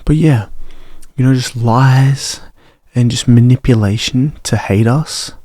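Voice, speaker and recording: A man's voice: medium pitch, slow, mellow, dry recording, clean studio sound. A young man, swearing and ranting in a casual personal vlog. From Australia. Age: young adult. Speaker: vlogger.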